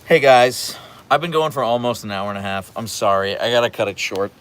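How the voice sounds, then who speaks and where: A man's voice: medium pitch, animated, a little fast, a bit bright. A man hosting a casual livestream from home, reading out the chat and rambling playfully, slipping into voices when he retells stories.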